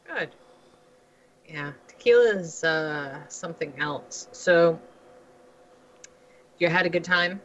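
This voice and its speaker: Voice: mid-range voice, takes it slowly, long pauses, fairly bright tone, a little hiss or hum. A talk radio host in casual chat, encouraging a guest with short prompts and questions. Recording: dull lo-fi audio.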